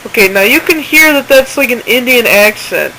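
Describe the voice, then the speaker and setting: A woman's voice: a little high, expressive, normal speed, pushed and bright, slight background noise, poor audio. A woman in casual screen-recording commentary who talks informally and indignantly and reads messages aloud. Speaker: channel owner exposing a seller.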